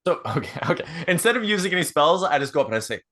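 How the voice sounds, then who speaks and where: A man playing a tabletop game, animated and laughing as he describes his moves. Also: a little high, very fast. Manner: animated, laughs often, talks through actions. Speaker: player.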